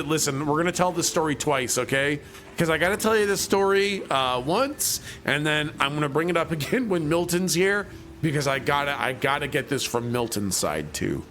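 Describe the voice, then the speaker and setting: Guy in his 30s rambling on stream, kinda high voice, jokey, quiet game music behind. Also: expressive, normal speed. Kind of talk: casual chat while playing a game.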